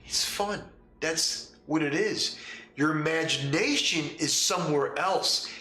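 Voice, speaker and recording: A man's voice: a little high, slow, pushed and bright, reverberant, soft background music. A man hosting a casual talk show as a game master, speaking emphatically and repeating points through rhetorical questions. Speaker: podcast host and game master.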